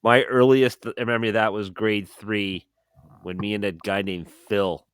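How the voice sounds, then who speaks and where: A man's voice: fairly low pitch, level tone, normal speed, clear, resonant tone, no room sound. A man co-hosting a casual podcast chat, dry and laid-back.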